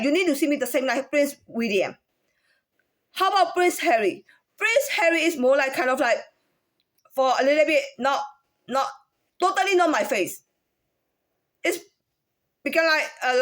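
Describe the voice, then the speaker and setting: A woman talking in a casual monologue, halting with many restarts and fillers, sometimes demonstrating different speaking tones. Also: high voice.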